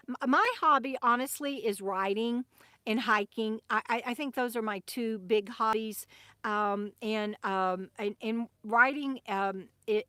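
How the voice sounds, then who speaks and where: Woman, fairly high voice, dry close sound, rambling live-stream chat with viewers. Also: fairly bright tone, no echo. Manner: chatty, rambling, reads viewer comments aloud, laughs often. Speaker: RV vlogger hosting a live stream. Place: RV camp in the desert.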